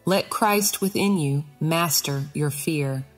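A woman reading an audiobook, voicing a spirit of self-control that coaches softly and slowly. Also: sits low, slightly rough, soft background music, heavily acted. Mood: coaching. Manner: soft, slow, coaching.

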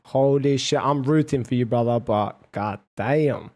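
A man's voice: medium pitch, unhurried, a little mellow. A man hosting a debate on a livestream, chatting casually with lots of swearing, laughter and rambling banter. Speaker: debate host.

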